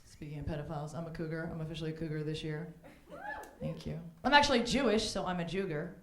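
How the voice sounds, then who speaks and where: A woman's voice: sits low, fast talker. Brash, bawdy woman doing stand-up in an echoey club. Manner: brash, bawdy, jumps into mocking voices for quoted people. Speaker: stand-up comedian. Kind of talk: stand-up comedy set. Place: comedy club stage with a live audience.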